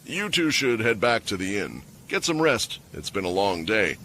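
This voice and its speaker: Cast: man playing a wry unflappable old wizard, low-key delivery, story recap. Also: sing-song, normal speed, pushed and bright, a little hiss or hum, exaggerated voice. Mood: dry. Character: ancient male mage in a young body, dry and smug.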